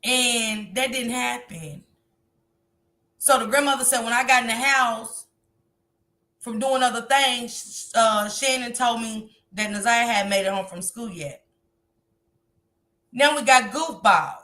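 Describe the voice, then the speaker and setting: Bright-voiced woman hosting a live stream. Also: on the high side, slow, pauses often. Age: grandmother. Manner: animated, talks straight to viewers. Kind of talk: casual live stream commentary.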